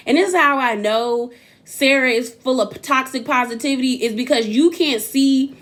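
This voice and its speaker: A young woman recapping a reality show in casual chat, sassy and animated, acting out what people said. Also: high-pitched, moderate pace. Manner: sassy, animated, acts out quotes.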